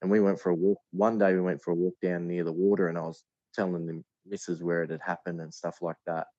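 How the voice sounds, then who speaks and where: A man's voice: sits low, level tone, fast talker, mellow, dry recording, muffled recording. An Australian man, a podcast guest, telling a rambling story in a casual way and full of "like" fillers.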